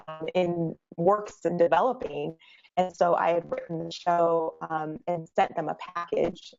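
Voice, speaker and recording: A woman in her thirties, a guest entrepreneur telling her story in an interview, animated and quick. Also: on the low side. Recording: dull lo-fi sound.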